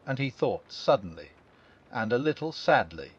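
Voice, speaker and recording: A man narrating a children's classic as a calm bedtime audiobook, gentle and expressive. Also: medium pitch, normal speed, slightly rough. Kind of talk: calm bedtime storybook reading. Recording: dull lo-fi.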